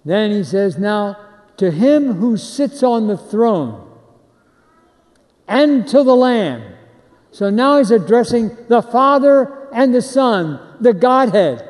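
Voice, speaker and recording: A man's voice: high-pitched, big pitch swings, slow pace, darkish tone. A man preaching a sermon, leading the crowd in call-and-response chants. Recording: long hall reverb.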